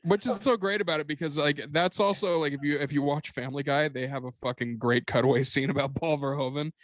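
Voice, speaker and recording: A man's voice: on the high side, fairly even intonation, quick pace, dry recording. Laughing, swearing man in a dry room. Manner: swears a lot and laughs often, rambling. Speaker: podcast guest. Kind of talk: casual film-review chat.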